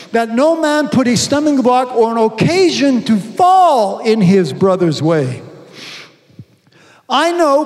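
A male pastor with a high-pitched voice preaches in a church hall, his words carrying a long echo. He poses rhetorical questions and slows right down to stress scripture. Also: darkish tone. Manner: preaching with rhetorical questions and slow emphatic reading. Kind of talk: sermon. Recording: long reverb from a large hall.

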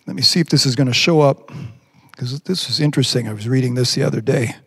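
A man preaching a sermon as pastor, reading scripture slowly and climbing in pitch when he presses a point. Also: fairly bright tone, breathy edge. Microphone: remote stream from a device on batteries.

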